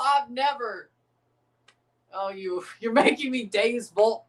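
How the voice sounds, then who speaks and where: A man's voice: very high voice, unhurried, long pauses, a bit bright, far from the mic. A man hosting a livestream, giving loose reaction commentary on a football match, laughing often, swearing and calling out the match minutes. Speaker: livestream host. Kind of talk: casual watchalong reaction commentary.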